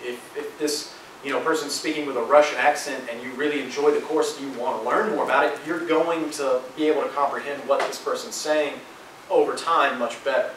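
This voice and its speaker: A young man presents to a class in a loose, filler-heavy way, keeping to a middle pitch. He is picked up from a distance in a very echoey room, with faint ambient noise behind him. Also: steady tone, brisk, a bit bright. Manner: informal, many fillers. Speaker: student presenter. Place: lecture room. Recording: echoey lecture hall, distant mic.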